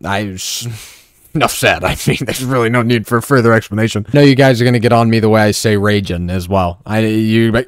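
A man's voice: lowish voice, a little fast, no echo, clean studio sound. A young man giving casual, sarcastic gameplay commentary, joking and trash-talking his teammates. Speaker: gaming streamer.

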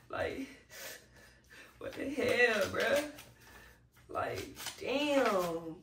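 Woman, Texan accent, high-ish voice, hyped slangy unboxing chat, roomy echo, mic set back. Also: lively intonation, moderate pace, distant mic. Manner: hyped, slangy, shouting out supporters. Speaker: vlogger opening fan mail. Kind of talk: casual unboxing commentary.

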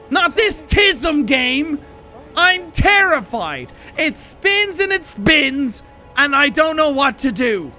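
Young male streamer, very high voice, panicky and profane, slow-paced delivery, clear music bed behind. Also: big pitch swings. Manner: panicky, yelling and swearing at chat. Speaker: gaming streamer. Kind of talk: live gameplay commentary.

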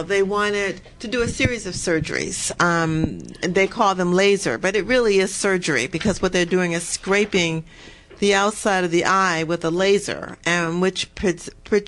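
Low-voiced woman explaining calmly. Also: measured pace, low-quality recording. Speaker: guest patient. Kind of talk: interview answer.

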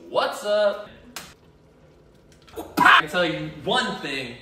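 A man's voice: sits high, sing-song, extremely slow, reverberant, far from the mic, heavy background noise. A man hosting a casual cooking vlog in a home kitchen, joking and self-deprecating as he rambles through the recipe.

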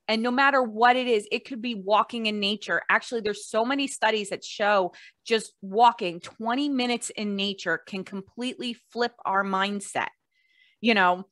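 A woman's voice: mid-range voice, fairly bright tone, no room sound, clean studio sound. A woman hosting a podcast, talking encouragingly in long flowing thoughts. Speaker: podcast host. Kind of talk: casual conversational interview.

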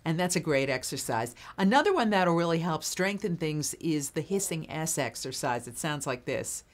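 Low-pitched female coach, brisk and practical, teaching voiceover technique on a video blog. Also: sing-song, slight background noise.

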